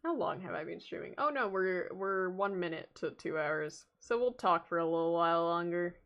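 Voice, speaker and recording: A woman's voice: on the low side, lively intonation, moderate pace, lo-fi sound. A young Canadian woman with a Canadian accent, chatting casually to her viewers during a game stream, rambling with lots of fillers.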